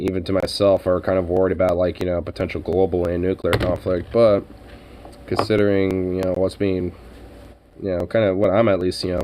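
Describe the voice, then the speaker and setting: A male streamer talks off the cuff into a desk mic, rambling through fillers and swearing freely. His voice sits low and mellow. A faint noise floor runs underneath. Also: rough recording. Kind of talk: casual live-stream commentary.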